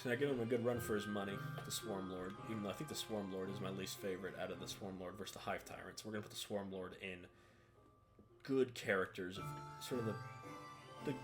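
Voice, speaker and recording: A man with a fairly low voice talks through a tier list in a relaxed, offhand way. He trails off, says "uh" and "eh" a lot, and sounds casual. Guitar music plays clearly underneath him. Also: a little fast. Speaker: hobby video creator.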